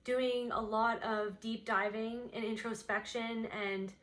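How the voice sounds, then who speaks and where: Female tarot reader, fairly high voice, loose and intuitive delivery that follows impressions as they surface. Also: flat delivery, takes it slowly, a bit bright. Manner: meandering and intuitive, voicing impressions as they come. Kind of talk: unscripted pick-a-card reading.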